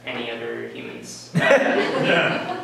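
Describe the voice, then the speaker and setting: A man's voice: medium pitch, takes it slowly, creaky, a loud crowd. A man in his twenties telling a story at a live story slam, rambling casually with lots of "like" and "uh" and laughing at his own tale. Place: small event venue, on stage. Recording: very echoey room from a distance, faint ambience.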